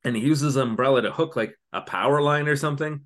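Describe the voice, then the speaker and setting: A man's voice: mid-range voice, fast talker, a bit bright. Rambling man recapping a show. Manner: rambling, filler-heavy retelling. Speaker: podcast co-host. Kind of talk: casual chat recapping a TV episode.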